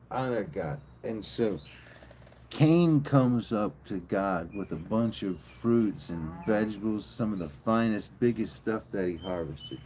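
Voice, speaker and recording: A man streaming live, retelling a bible story as comedy in a profane, slangy, animated way. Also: lowish voice, slight background noise, low-quality recording.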